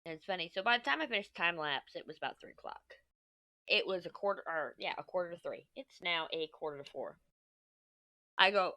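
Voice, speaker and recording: A woman's voice: fairly low pitch, a little fast, bright, forceful tone, dry recording. A woman in her thirties from Texas with a mixed Texan and New York accent, chatting casually while crafting. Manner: chatty, rambling, swears casually. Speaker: crafting vlogger. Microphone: mic at desk.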